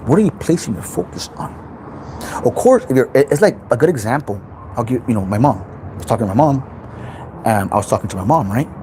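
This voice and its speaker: Man preaching self-help, very animated pitch. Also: quick pace, slight background noise, poor audio. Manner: intense, preachy, repeats himself, swears freely. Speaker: self-help channel host. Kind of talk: unscripted motivational monologue.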